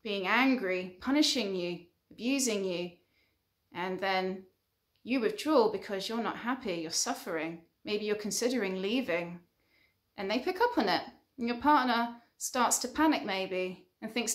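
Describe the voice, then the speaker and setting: A woman's voice: medium pitch, lively intonation, unhurried. A woman counselor giving an earnest advice monologue, building her points through repeated short lists. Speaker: relationship counselor.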